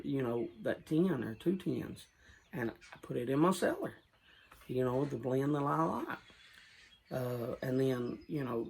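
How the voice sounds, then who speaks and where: Gravelly, husky-voiced Southern man rambling. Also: medium pitch, a little mellow, low-quality recording. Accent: Southern US rural. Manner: rambling, repeats himself, self-correcting; earnest, urging viewers. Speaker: pipe tobacco vlogger. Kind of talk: casual rambling vlog talk.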